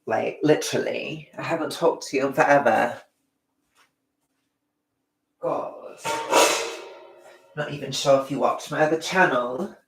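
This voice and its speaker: Rambly woman cooking on a livestream, gravelly voice, kitchen echo everywhere. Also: extremely low pitch, unhurried, long pauses, loud music behind the voice. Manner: chatty, self-deprecating, rambling. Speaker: livestreaming vlogger. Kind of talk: casual livestream chat while cooking. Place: home kitchen.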